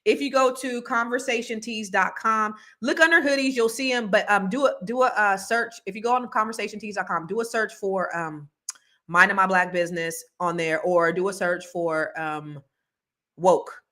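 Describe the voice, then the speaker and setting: A woman hosts a casual livestream with a bright, forceful voice. She reads viewer comments and talks bluntly, swearing freely and swinging from low mumbles to heated rants. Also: moderate pace. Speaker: host.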